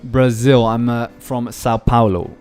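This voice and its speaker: A man's voice: mid-range voice, little pitch movement, a little slow, a little mellow, clear, resonant tone, faint music behind. Chatty male trading streamer. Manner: casual, chatty, addresses viewers as guys. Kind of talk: live stream commentary.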